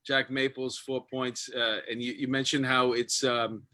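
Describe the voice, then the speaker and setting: A man hosting a casual podcast chat, talking hesitantly with pauses and little jokes. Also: medium pitch, level tone, bright, forceful tone. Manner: hesitant, many fillers and restarts, joking. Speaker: podcast host.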